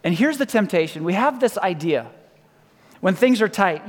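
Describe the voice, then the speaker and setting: A man preaching a sermon as pastor, emphatic, repeating key lines and dropping to soft, quiet endings. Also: sits high, animated, moderate pace. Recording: long reverb of a large hall.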